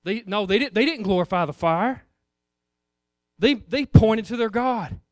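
A man preaching in a loose, conversational way, throwing questions out to the congregation. His voice is high and smooth, and it sounds dry and close. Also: expressive, a little slow, dry recording. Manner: conversational, rhetorical questions, addresses the congregation as guys. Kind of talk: informal sermon.

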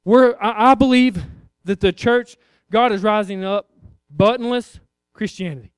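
A man's voice: sits high, a little slow, clear, resonant tone, no echo, clean studio sound. A man preaching a sermon, emphatic and repetitive, acting out little voices as he goes.

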